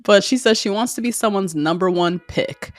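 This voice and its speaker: A woman's voice: mid-range voice, moderate pace, no room sound. A woman co-hosting a podcast, recapping a reality show in casual, chatty talk and laughing often. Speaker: podcast co-host.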